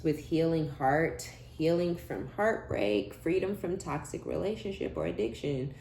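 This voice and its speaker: Low-voiced blunt woman reading tarot. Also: expressive, a little slow, a little mellow. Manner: blunt, profane, laughing asides, slangy. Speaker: tarot reader. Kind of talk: casual tarot reading monologue. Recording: echoey room with faint background hum.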